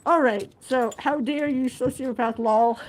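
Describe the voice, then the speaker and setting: Speaking slowly in a high voice, an Alaskan woman streams live from her living room, reading comments from viewers and chatting to her dog in a casual way. The home recording has a lot of background noise.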